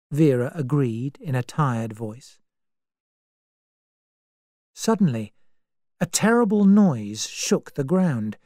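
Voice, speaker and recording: A woman narrating a story in a measured, expressive way. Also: deep voice, no echo, clean studio sound. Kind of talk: scripted narration.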